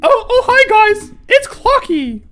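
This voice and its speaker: A man doing a very high-pitched impression of a male clock mascot who cheerfully insists nothing is wrong, stammering nervously through his welcomes. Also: big pitch swings, slow pace, fairly bright tone, faint music behind, full character voice. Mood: nervous cheer. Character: chirpy male clock mascot hiding trouble. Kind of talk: livestream impression.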